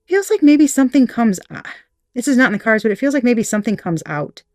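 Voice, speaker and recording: A woman's voice: fairly high pitch, sing-song, quick pace, a little mellow, no room sound, clean studio sound. A woman giving a casual tarot reading, candid and profane, laughing often and acting out little quoted voices. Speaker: tarot reader.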